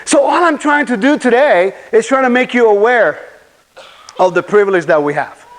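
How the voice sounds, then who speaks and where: A man's voice: very high-pitched, animated, moderate pace, poor audio. A man giving a conference sermon, preaching animatedly and putting rhetorical questions to the audience. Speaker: conference speaker. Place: conference hall.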